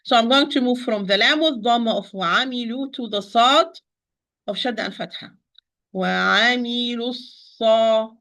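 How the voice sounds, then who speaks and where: Patient woman teaching recitation sounds. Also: fairly high pitch. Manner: methodical, repeats and demonstrates sounds syllable by syllable; patient, gently corrective. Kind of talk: tajweed pronunciation lesson.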